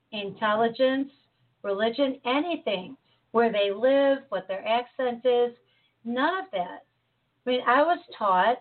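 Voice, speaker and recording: A woman from Chicago talking in an animated, casual way and quick to jump in. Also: on the high side. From Chicago, USA. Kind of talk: casual conversation. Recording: tinny phone-like line.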